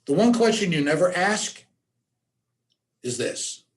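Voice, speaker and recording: A man's voice: high-pitched, animated, slow pace. Direct, emphatic male workshop trainer. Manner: direct, emphatic, repeats key points. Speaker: suicide awareness trainer. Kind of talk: workshop presentation.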